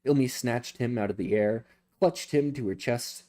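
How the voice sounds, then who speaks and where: Casting: male live book reader, low mellow voice, frequent self-corrections. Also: normal speed.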